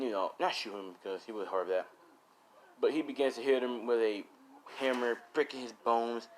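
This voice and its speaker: Slow, rambling male storyteller. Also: mid-range voice, a little hiss or hum. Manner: rambling, full of "you know". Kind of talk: improvised fan-story narration.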